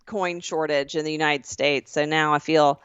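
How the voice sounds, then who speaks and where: A woman co-hosting a podcast in casual chat, teasing her co-host with quick jokes. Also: sits low, fairly even intonation, fairly bright tone, clean tone, no echo. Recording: dull lo-fi sound.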